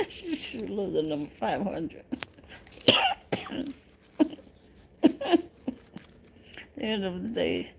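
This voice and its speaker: A woman's voice: fairly low pitch, gravelly, a little hiss or hum. A Southern American woman hosting a casual livestream, laughing often and teasing her viewers as she reads their comments. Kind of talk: casual live chat.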